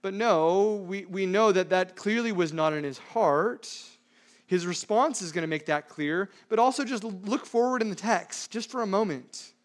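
A man preaching a sermon, emphatic, with frequent rhetorical questions, swinging between loud stresses and hushed asides. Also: high-pitched, moderate pace. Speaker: pastor.

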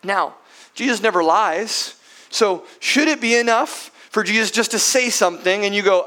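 A man's voice: high-pitched, moderate pace, sharp tone. A man preaching a sermon as pastor who keeps asking his listeners rhetorical questions, often ending with tag questions.

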